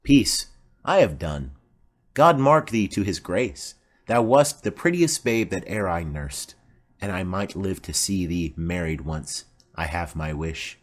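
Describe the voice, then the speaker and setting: A man's voice: low-pitched, animated, unhurried. A man voicing a rambling old nurse. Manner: rambling, garrulous. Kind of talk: audiobook play reading.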